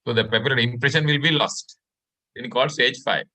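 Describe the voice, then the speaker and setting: Talking fast in a medium-pitched, bright, forceful voice, a Sri Lankan man lectures on medicine over an online class. He breaks the material into steps and keeps asking "right?" to check on his students.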